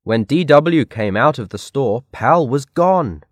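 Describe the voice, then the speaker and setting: A man reading a children's picture book aloud in a careful, clear read-aloud manner. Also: mid-range voice, expressive, slow pace, no room sound. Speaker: storybook reader. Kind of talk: scripted narration of a children's story.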